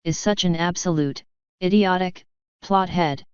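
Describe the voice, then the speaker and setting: Brief: woman voicing a cold, cutting unicorn mare for a storybook, low-pitched, crisp and dry. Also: a little slow, dry recording, highs cut off, natural voice. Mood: furious. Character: furious proud adult unicorn mare, icy sister.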